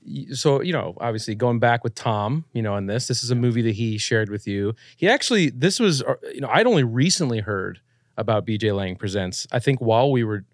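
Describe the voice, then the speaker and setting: A man's voice: mid-range voice, animated, brisk, no room sound, studio quality. A man hosting a podcast in casual chat, steering the talk, eager and swearing casually. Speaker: podcast host.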